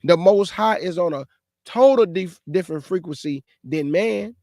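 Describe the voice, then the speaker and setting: High-voiced man preaching on a livestream. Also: moderate pace, no room sound, clean studio sound. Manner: lively, exasperated, addresses viewers directly. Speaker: host of a live show.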